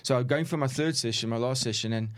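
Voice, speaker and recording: A middle-aged former football referee, relaxed and anecdotal, telling stories in a conversational interview. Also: male voice, mid-range voice, fast talker. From South Africa. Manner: relaxed, anecdotal, chuckles while recounting. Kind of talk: conversational storytelling.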